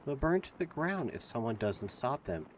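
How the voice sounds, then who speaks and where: A man reading aloud, voicing a frantic young woman schoolteacher who pleads softly and breathlessly. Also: medium pitch, sing-song, moderate pace, a little hiss or hum, voice pushed up, natural voice. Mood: urgent.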